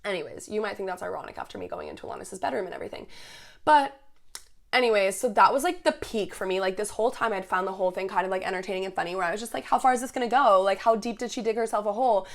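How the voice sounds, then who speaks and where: A woman's voice: mid-range voice, very fast. A young woman in her twenties, casually telling a heated story, swearing often and acting out what people said. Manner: swears a lot, heated and animated, quotes people as she tells it. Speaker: podcast host.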